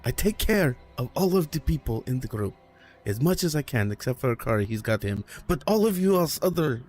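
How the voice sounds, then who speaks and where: A man's voice: mid-range voice, sing-song, brisk, a little mellow, natural voice. A man playing an exasperated male adventurer who insists that he takes care of his group.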